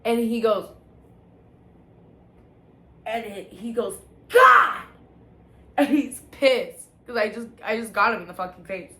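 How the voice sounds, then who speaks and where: Her voice sits on the high side, and she moves at a measured pace with frequent pauses. A woman vlogger, she recounts her personal testimony in a casual, confessional way, openly and with profanity, repeatedly restarting sentences. The echoey room carries faint background noise.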